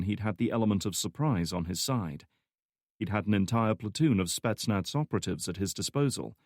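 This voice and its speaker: A man narrating a thriller audiobook in a measured, scripted storytelling style. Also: low-pitched, darkish tone, no room sound, studio quality.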